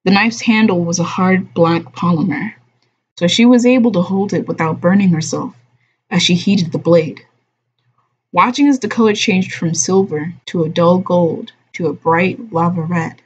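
Woman reading a book on stream, slow and low, kinda husky, muffled lo-fi audio. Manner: slow, measured reading, softly voicing the dialogue. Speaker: streamer reading a novel aloud. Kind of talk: unhurried audiobook-style reading. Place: home streaming room.

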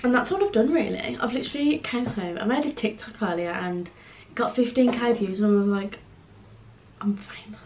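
A woman's voice: medium pitch, fairly quick, a little mellow, lo-fi sound, slight background noise. A young woman, chatting casually to camera in a rambling home vlog. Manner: chatty, rambling, drops to a near whisper at times. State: out of breath. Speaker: vlogger. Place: home, indoors.

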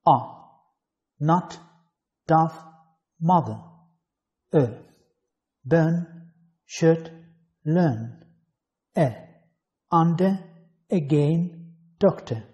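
A man's voice: fairly high pitch, extremely slow, long pauses, a little mellow, lo-fi sound. A man from Azerbaijan, an English teacher reading letters and example words one at a time in an online phonetics lesson.

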